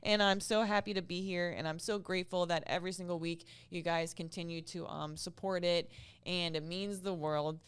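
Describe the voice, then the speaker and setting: A woman's voice: on the low side, moderate pace, clear, resonant tone. A woman hosting a podcast, talking casually and with strong opinions, often getting emphatic. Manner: animated, opinionated, rising to emphatic outbursts. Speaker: podcast host.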